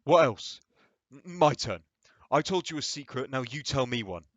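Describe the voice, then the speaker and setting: A man's voice: mid-range voice, animated, normal speed, dry recording, close to an everyday voice. A man voicing a sullen, guarded teenage boy who answers tightly and curtly. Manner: curt, tight-lipped.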